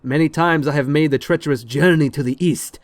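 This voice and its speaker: A man's voice: fairly high pitch, fairly quick, dry recording, close to an everyday voice. A man voicing a pompous male spice merchant, reading grand flowery lines aloud in a put-on accent. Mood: grandiose.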